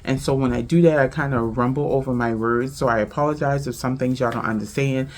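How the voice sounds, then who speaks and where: A woman from Charleston, South Carolina with a Geechee accent, hosting a casual podcast, talking fast and tripping over her words. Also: very deep voice, steady tone, a little mellow. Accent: Gullah Geechee, Charleston, South Carolina. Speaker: podcast host. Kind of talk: casual family podcast chat.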